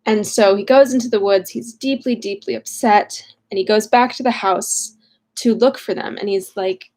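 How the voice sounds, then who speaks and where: A woman's voice: mid-range voice, normal speed, a little mellow. Chatty, scatterbrained young woman reading. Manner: chatty, scatterbrained, with frequent fillers. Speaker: reader of a novel. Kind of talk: casual chapter recap and reading aloud. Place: home room.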